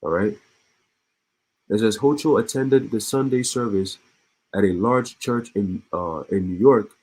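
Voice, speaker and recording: A low-pitched man reads the news aloud in a casual way and comments between the lines. His voice is husky. He repeats words and breaks off with short laughs. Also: a little slow, darkish tone, poor audio. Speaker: online commentator.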